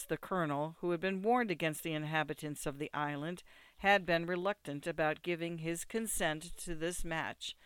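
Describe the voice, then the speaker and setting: Smooth, dry audiobook narrator. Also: medium pitch, no echo. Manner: measured, steady storytelling. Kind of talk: audiobook reading of classic fiction.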